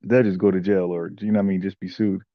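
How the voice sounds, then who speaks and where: A man with a gravelly voice chats casually as a co-host, blunt and slangy, mocking what he talks about. His recording sounds dull and lo-fi, with no room echo. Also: sits low, level tone, fast talker. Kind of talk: casual opinionated chat.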